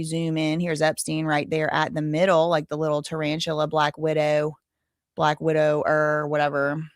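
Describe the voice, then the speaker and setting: A woman hosting a live stream, chatting casually and rambling to her viewers, and she sounds tired and low on energy. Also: fairly bright tone, no room sound, clean studio sound.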